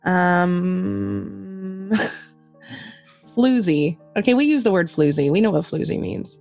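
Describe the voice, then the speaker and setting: A woman's voice: medium pitch, slow pace, gravelly, darkish tone. Woman, podcast host, casual chat, laughs a lot, swears, faint music underneath. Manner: laughs often, swears freely, playful.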